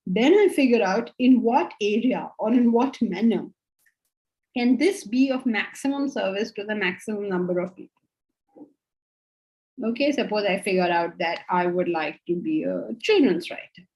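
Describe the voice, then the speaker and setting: A woman's voice: mid-range voice, a little mellow, rough recording. A woman teaching a spiritual class, explaining patiently and often checking that students follow. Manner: explanatory, checks understanding with questions. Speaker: Vedanta teacher.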